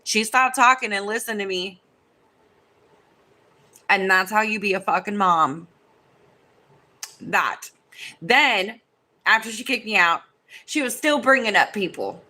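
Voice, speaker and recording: A woman's voice: medium pitch, expressive, a little slow, long pauses, sharp tone. A woman chatting casually and cursing freely as she retells a story with animation.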